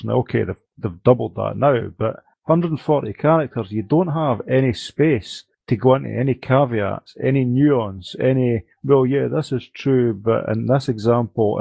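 A man's voice: mid-range voice, gravelly, warm tone, husky, no echo. A man co-hosting a podcast in casual chat, rambling and breaking off his own sentences with ums. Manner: rambling, self-interrupting with ums. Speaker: podcast co-host.

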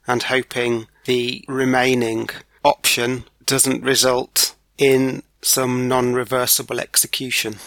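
Guy musing on a solo podcast, crisp bright voice, dead dry sound. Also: medium pitch, no room sound. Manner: measured, wry, thoughtful. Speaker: podcast host. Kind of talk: reflective solo podcast monologue.

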